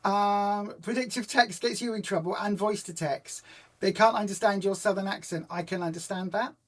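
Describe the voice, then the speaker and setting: A woman's voice: mid-range voice, moderate pace. A woman hosting a casual live stream for her weight loss group, rambling through stories and answering viewer comments. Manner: rambling, chatty storyteller who retells conversations in reported speech; homely and informal, many ums and restarts.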